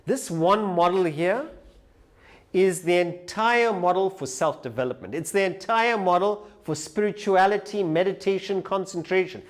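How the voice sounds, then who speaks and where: A man giving a live lecture who tells a story with animated delivery. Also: high voice, normal speed. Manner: animated storyteller, acts out quoted voices. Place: lecture hall.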